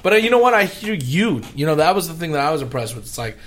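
Upbeat guy host, kinda high voice, talks fast and gushes. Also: very animated, a bit bright. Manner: enthusiastic, quick and chatty. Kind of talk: casual chat.

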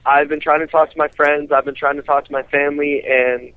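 A man's voice: fairly high pitch, little pitch movement, a little fast. A seventeen-year-old boy from Colorado calling in to a radio show, hesitant and full of "like" and "um". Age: teens. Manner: hesitant, lots of "like" and "um". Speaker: caller. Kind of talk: phone-in conversation. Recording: dull, dry phone-in line.

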